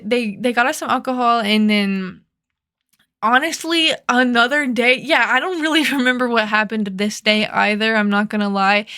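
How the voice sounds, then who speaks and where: A woman's voice: mid-range voice, fairly bright tone. A young woman telling a rambling, profane story in a casual storytime chat, full of "like" fillers. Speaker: vlogger.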